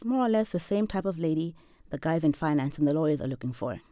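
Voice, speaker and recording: A woman in her forties from Zambia reading a first-person literary story in a measured, deadpan, wry way. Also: sits low, no echo, studio quality. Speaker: professor and storyteller.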